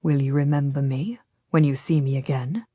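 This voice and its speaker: A woman voicing a smooth, persuasive Ottoman nobleman who speaks quietly and gently in an audiobook. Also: extremely low pitch, fairly even intonation, moderate pace, no echo, studio quality, pitched below the performer's own voice. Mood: coaxing, ominous.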